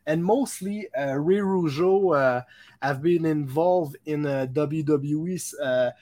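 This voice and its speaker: A man from Quebec with a Québécois French accent, a native French speaker hosting a casual podcast interview in eager, halting English. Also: fairly high pitch, a little mellow. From Quebec, Canada. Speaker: podcast host.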